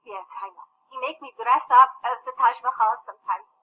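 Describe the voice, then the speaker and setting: An actress playing a meek, eager-to-please wife. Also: female voice, a little high, fairly quick, slight background noise, lightly acted. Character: meek accented wife working a casino. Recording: thin phone-like film audio.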